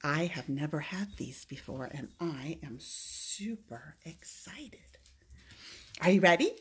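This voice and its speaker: A woman leading a children's storytime, singing action songs in a sing-song, animated way with excited gasps and whispers. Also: sits low, takes it slowly, a little hiss or hum. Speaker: children's librarian.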